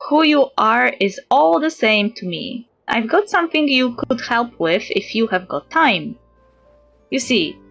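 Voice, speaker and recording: A woman reading lines for a boastful male island angler, in a plain, unhurried voice. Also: fairly high pitch, fairly bright tone, full character voice.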